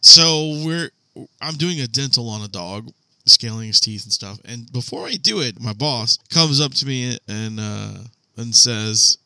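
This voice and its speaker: A man with a very bright, forward voice tells a rambling story as a podcast co-host. His talk is loose and profane, and he keeps breaking into laughter. The sound is close and dry. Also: medium pitch, animated, a little slow, no echo. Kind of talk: casual storytelling chat.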